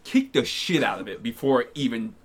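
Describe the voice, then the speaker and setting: Young guy, average pitch, easygoing, telling stories with some swearing. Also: big pitch swings, fairly quick, breathy edge. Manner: laid-back, profane anecdotes. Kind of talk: casual chat.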